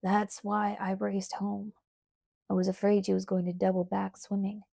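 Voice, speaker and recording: A woman reading the lines of a young man in an audiobook, worried and angry, speaking low and urgently. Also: monotone, normal speed, creaky, mellow, no echo, studio quality.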